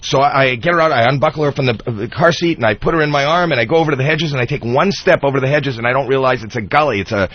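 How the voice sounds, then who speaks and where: A man guesting on a talk radio show, telling a comic story in an excitable, rambling way full of restarts. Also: mid-range voice, racing, hardly any pauses, no echo. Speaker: guest comedian. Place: radio studio. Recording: muffled radio broadcast.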